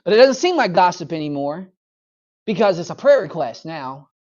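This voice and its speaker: A man's voice: high-pitched, sing-song, moderate pace, darkish tone, lo-fi sound. A male pastor leading a Bible study in church, talking conversationally, often checking in with "okay?" and briefly acting out voices. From United States.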